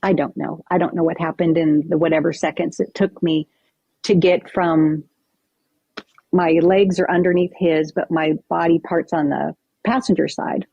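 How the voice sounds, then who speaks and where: A woman's voice: on the low side, moderate pace, gravelly, breathy edge, no room sound, highs cut off. A woman guest on a podcast, recounting a personal story vividly and acting out what people said. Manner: vivid, animated retelling with acted-out quotes.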